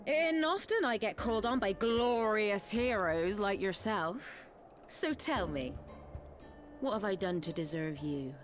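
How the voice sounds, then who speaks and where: Brief: actress as a hard, street-wise woman who gives the orders, dry and sardonic, lively pitch, faint music behind. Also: measured pace, lightly acted. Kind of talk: video game cutscene voice acting.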